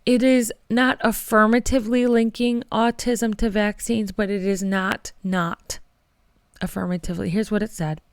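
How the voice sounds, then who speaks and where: Fired-up woman podcaster, clear resonant voice, dry close sound, calls listeners "friends". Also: medium pitch, flat delivery, normal speed, no room sound. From Michigan. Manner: impassioned, gets worked up, addresses listeners as friends. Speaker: podcast host. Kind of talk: casual political commentary.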